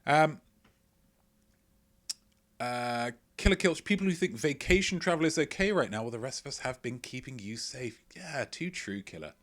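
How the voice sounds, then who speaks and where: A man's voice: mid-range voice, animated, moderate pace, fairly bright tone. A man hosting a live-streamed quiz from home, reading out chat messages with playful, rambling asides. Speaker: quiz host. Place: at home, indoors.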